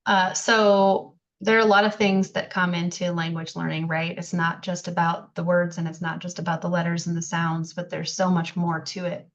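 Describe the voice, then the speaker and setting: A woman's voice: on the low side, little pitch movement, normal speed, hardly any pauses, lo-fi sound. Woman presenting an online workshop. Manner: friendly, conversational with many fillers. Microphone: video call.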